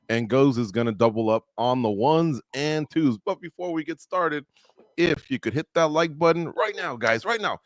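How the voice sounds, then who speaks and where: A man hosts a casual sports roundtable with a jokey, animated delivery. He pokes fun at himself as he goes. The sound is dry and close, with no room around him. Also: mid-range voice, no room sound. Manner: jokey, animated, self-deprecating. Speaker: host.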